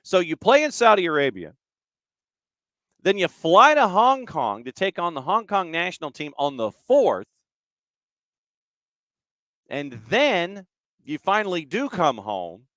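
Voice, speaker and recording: A man hosting a podcast who chats casually, reads out listener comments, and rattles off dates and lists at a brisk clip. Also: fairly high pitch, fairly bright tone, no echo, studio quality. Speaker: podcast host. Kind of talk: casual chat and news rundown.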